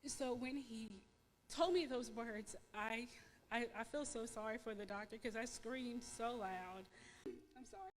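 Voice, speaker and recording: A woman with a somewhat high voice tells her personal testimony in church. She speaks in an emotional, halting way, restarting and repeating words with plenty of fillers. Her voice carries a long reverb from the sanctuary. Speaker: church member giving testimony.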